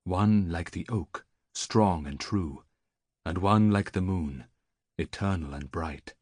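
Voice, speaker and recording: A man voicing a gloomy, reluctant old male seer in an audiobook, speaking quietly, slowly and solemnly. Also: low-pitched, husky, no echo, heavily acted.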